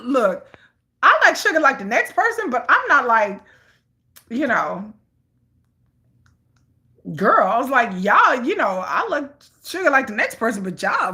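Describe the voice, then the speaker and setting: A young woman chatting casually while walking, animated and laughing, swinging from squeals to low mutters. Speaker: vlogger.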